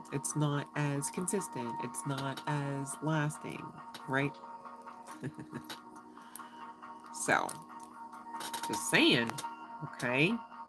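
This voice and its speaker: A woman's voice: low-pitched, poor audio. A woman giving a casual, chatty tarot reading, giggling often and swearing freely. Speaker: tarot reader.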